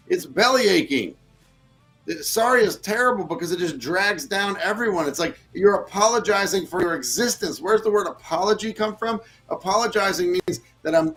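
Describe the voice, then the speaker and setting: A man hosting a leadership talk show, speaking bluntly and emphatically, swearing freely and acting out whiny apologies in a droopy voice. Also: sits high. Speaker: leadership podcast host. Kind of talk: casual coaching talk.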